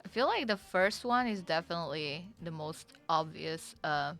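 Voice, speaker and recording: A woman streaming a game, chatting casually, excitable, swearing, and answering chat. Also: sits low, normal speed, gravelly, faint music behind.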